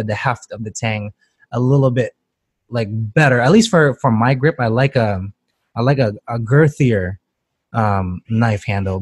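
Chef guy on a podcast, swears a lot, laughs, mid pitch, dry close sound. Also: darkish tone, dry recording. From Canada. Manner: casual, swears freely, laughs often. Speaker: cook, podcast co-host. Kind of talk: casual chat.

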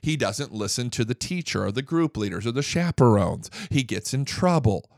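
A man's voice: medium pitch, expressive, moderate pace, vocal fry, a little mellow, dry recording, clean studio sound. A man hosting a political commentary show, ranting emphatically and repeating his points for effect. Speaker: host.

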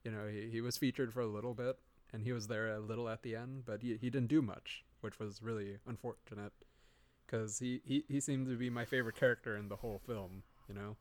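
A male podcast co-host chats loosely about a film, rambling with plenty of "you know"s and restarts. His voice is on the low side, steady and somewhat dark, with a brisk pace, picked up on a remote call microphone.

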